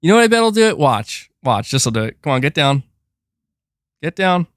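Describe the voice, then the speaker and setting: A very animated man with a fairly high voice talks at normal speed while hosting a laid-back gaming livestream. There's no echo as he speaks close to his desk mic, rambling loosely and repeatedly stopping to coax his cat.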